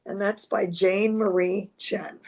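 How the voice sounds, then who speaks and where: An older woman giving a casual astrology talk to camera, reassuring and deliberate, sometimes dropping to a whisper. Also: medium pitch, flat delivery, a little mellow. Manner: reassuring, slow and deliberate, drops to a whisper at times. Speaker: astrology teacher.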